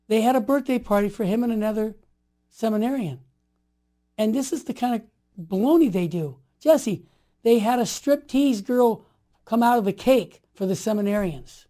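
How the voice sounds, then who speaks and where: A man in his sixties telling stories as an interview guest, emphatic and animated, building to forceful declarations. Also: high voice. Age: 60s. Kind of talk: impassioned conversational storytelling.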